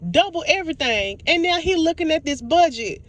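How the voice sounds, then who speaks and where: A woman recapping a TV episode in a casual vlog, animated and storytelling, laughing often and apologizing for it. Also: extremely high pitch, a little fast. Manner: giggly, keeps laughing and apologizing; animated storytelling, acts out quotes. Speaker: TV show reviewer.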